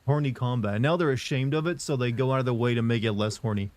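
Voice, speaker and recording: A man's voice: mid-range voice, fast, a little mellow. Rambling jokey male streamer. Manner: rambling, jokey, reads chat aloud. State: sore arms from lifting. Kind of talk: casual live-stream chat.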